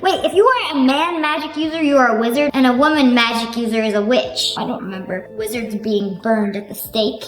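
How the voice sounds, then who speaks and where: Sarcastic woman reacting to clips, echoey room, some music faint underneath. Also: high voice. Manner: animated, sarcastic and joking. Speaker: reaction video host. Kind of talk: casual reaction commentary. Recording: roomy echo with faint music.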